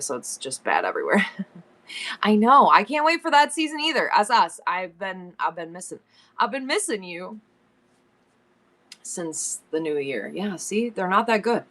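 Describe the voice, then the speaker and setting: Middle-aged woman host, bright tone, casual live-stream chatter, rambling and quick to laugh. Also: on the low side.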